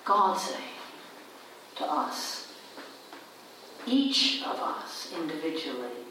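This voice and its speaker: Slow-preaching woman pastor in echoey church. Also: low-pitched, big pitch swings, noisy background. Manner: slow, deliberate preaching with repeated phrases and emphatic rises. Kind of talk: sermon at a baptism. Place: church sanctuary. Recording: echoey church from a distant mic.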